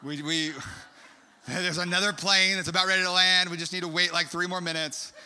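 Animated preacher in a big echoing hall. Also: male voice, high voice, normal speed, clear, resonant tone. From California. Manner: animated, rambling storyteller with many fillers. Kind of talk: storytelling sermon. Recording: long hall reverb.

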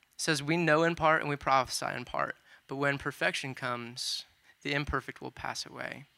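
A man's voice: medium pitch, fairly even intonation, normal speed, gravelly, sharp tone, smooth. A man preaching a sermon, retelling scripture in a loose, conversational way with casual asides.

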